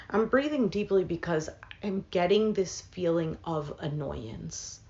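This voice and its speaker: A woman's voice: lowish voice, darkish tone, lo-fi sound. A woman reading tarot cards for her viewers in a casual, thinking-aloud way, with many fillers and asides. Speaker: tarot reader.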